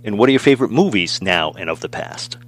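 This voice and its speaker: A man's voice: on the low side, lively intonation, fast talker, faint music behind. A man hosting an interview, asking questions in an easygoing way and chuckling now and then. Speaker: interviewer, host. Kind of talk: casual interview.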